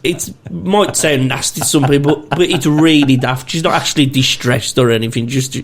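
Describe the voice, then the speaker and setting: A man's voice: medium pitch, moderate pace. A British man on a podcast, telling stories in casual chat, swearing freely and laughing a lot as he acts out the people in them. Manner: animated storyteller, swears a lot, laughs often, acts out quoted voices. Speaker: podcast co-host.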